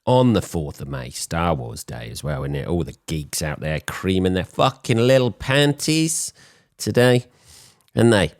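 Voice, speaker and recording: A man in his forties, hoarse from a cold, hosting a podcast in a blunt, swearing, rambling monologue. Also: low-pitched, big pitch swings, moderate pace, hardly any pauses, dry recording, clean studio sound. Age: 40s. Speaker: podcast host. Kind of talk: casual solo podcast monologue.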